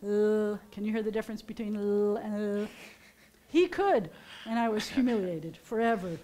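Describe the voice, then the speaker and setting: An older American woman, a rabbi, giving a casual, teacherly sermon with gentle jokes to her congregation in a synagogue. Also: mid-range voice, moderate pace, slight background noise. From United States. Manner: chatty, teacherly, gently joking. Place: synagogue sanctuary during a service.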